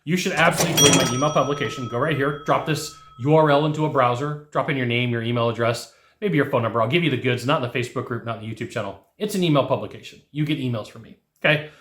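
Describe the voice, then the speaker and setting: A man's voice: mid-range voice, fast, fairly bright tone, echoey room, slight background noise. A man teaching sales technique to camera in a coaching tone, repeating key points and acting out customer exchanges. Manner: coaching, repetitive, acts out customer dialogue. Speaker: sales trainer. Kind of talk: instructional talk to camera.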